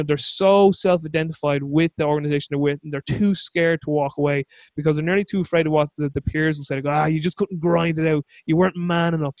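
A man's voice: on the high side, no echo. A man hosting a casual interview, talking at length in a rambling, frank way and swearing casually. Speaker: podcast host.

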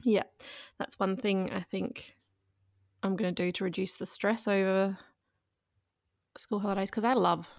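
A woman's voice: medium pitch, steady tone, measured pace, pauses often, dry recording, studio quality. A woman, co-hosting a podcast and chatting casually about family life, laughing often and saying "like" a lot. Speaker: podcast co-host, parent. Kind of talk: casual chat.

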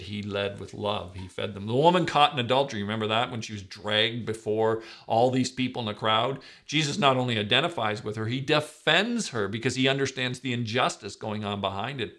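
Emphatic male preacher, loud-soft swings. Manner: emphatic, swings between loud stresses and soft, low asides. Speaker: pastor. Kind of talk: sermon.

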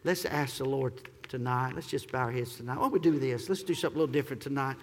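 A man preaching a sermon as pastor, swinging from shouted praise to quiet, gentle teaching. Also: mid-range voice, fast, long reverb tail.

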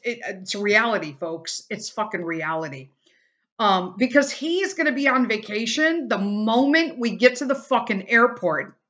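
A woman's voice: a little high, sharp tone, muffled recording. A middle-aged woman hosting a casual solo podcast, venting bluntly and swearing a lot as she talks about her family and her frustrations. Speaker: podcast host.

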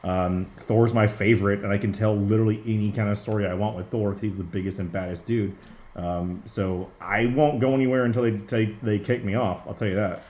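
A man speaking as a comic book writer guest in a casual interview, excitable and profane, with lots of restarts. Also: lowish voice, fairly quick. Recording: roomy echo.

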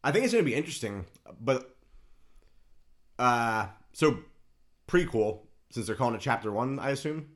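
A man's voice: medium pitch, big pitch swings, moderate pace, pauses often, fairly bright tone. A man co-hosting a podcast in casual chat, easygoing and eager about movies. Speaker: podcast co-host.

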